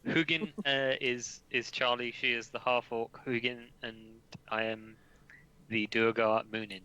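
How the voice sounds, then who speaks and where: Jokey guy at the game table, bright tense voice. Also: medium pitch, level tone, smooth, dull audio. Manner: joking, quick. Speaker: player. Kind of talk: casual tabletop game chat.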